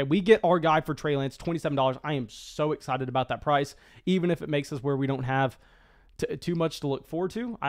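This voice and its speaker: A man giving live commentary on a fantasy football auction draft, talking quickly and excitably with frequent stammered restarts. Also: medium pitch.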